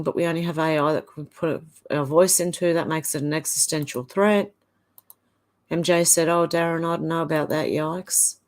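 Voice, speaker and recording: Australian woman reading out live chat. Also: on the low side. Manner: reads viewer comments aloud one after another with short offhand asides. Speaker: livestream host. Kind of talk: casual livestream chat reading.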